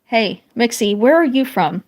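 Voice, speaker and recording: With a fairly high, expressive voice and a slightly slow pace, this northern US streamer in her 30s draws while talking with her audience. She reads chat out loud and tends to ramble and begin sentences over.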